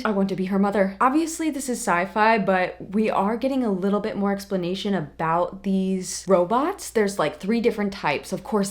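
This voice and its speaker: A woman chatting casually to camera as a book vlogger, animated and emphatic, with sudden excited outbursts. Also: mid-range voice. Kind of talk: casual vlog chat to camera.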